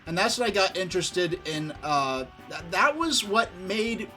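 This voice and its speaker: A man's voice: sits high, lively intonation, measured pace, bright, forceful tone, faint music behind. A man from New York streaming a game, chatting casually and telling rambling, enthusiastic stories. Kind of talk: casual gaming stream chat.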